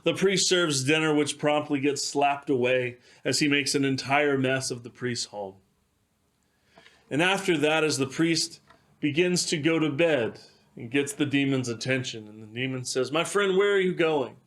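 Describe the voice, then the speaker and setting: A pastor telling a devotional story in a measured way, with occasional fillers. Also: male voice, mid-range voice, fairly bright tone.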